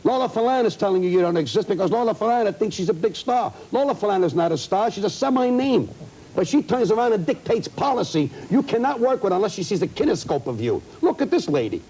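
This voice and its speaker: A man's voice: high-pitched, big pitch swings, dark tone, husky, poor audio. A man, a comedian, complaining indignantly in a heated talk show interview. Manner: indignant, ranting, rapid-fire complaints. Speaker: comedian guest. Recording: old broadcast audio.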